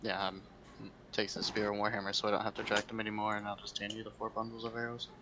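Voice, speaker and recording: Low-voiced hesitant man at a gaming table. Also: monotone, fast, noisy background. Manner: hesitant, with fillers. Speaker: player. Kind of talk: casual tabletop game chat.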